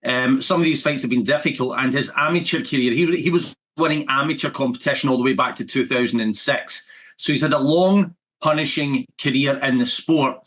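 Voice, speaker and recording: Man giving a measured fight prediction. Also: medium pitch, fairly bright tone.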